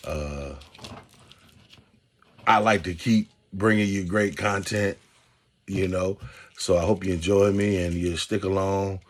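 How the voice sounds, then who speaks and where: Husky-voiced man hosting a casual podcast. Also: sits low. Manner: animated, preacherly, talks straight to listeners. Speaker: podcast host.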